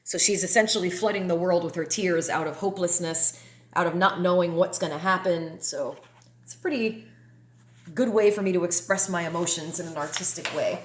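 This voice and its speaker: Woman artist chatting about her paintings, kinda low voice, roomy echo. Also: fairly quick. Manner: chatty, candid, explains each piece. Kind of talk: casual walkthrough of artworks. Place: home painting space. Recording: echoey room with faint noise.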